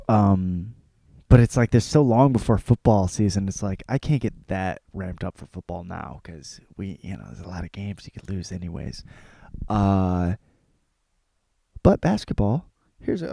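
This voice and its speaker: A man's voice: a little high, dark tone, no room sound. A man hosting a comedic podcast, rambling and self-mocking with casual swearing. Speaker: podcast host.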